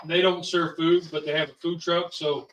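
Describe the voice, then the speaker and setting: A man's voice: fairly high pitch, little pitch movement, moderate pace, fairly bright tone, highs cut off. A father hosting a family vlog, chatting casually and rambling with plenty of ums and sos. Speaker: father and channel host. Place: home kitchen. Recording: roomy, from a distance.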